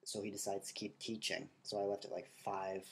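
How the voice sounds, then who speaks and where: A young man with a stuffy nose and a nasal voice, talking softly and rambling in a casual video diary. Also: lowish voice, little pitch movement, fairly quick, husky. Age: young adult. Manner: talks softly, rambling with fillers. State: stuffy-nosed from allergies. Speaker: college student vlogger.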